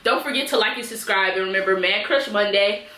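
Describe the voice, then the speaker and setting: A woman's voice: medium pitch, brisk, bright, forceful tone, roomy sound. A woman recapping a TV episode in a casual vlog, chatty and acting out the characters' lines. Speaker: TV episode reviewer.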